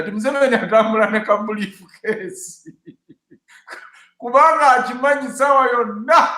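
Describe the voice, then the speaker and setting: A man giving animated, mocking commentary on an online talk show. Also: extremely high pitch, echoey room.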